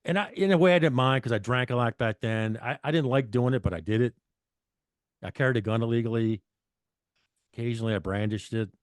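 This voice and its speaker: A man's voice: mid-range voice, a little fast, smooth, dry recording, clean studio sound. A middle-aged man guest telling stories in a blunt, profane, rambling way, often restarting his sentences. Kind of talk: casual storytelling.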